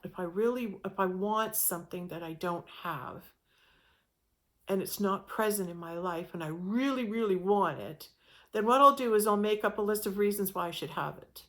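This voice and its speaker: A woman's voice: medium pitch, moderate pace, fairly bright tone. A woman giving an informal spiritual talk, speaking in a reflective, meandering way with frequent restarts.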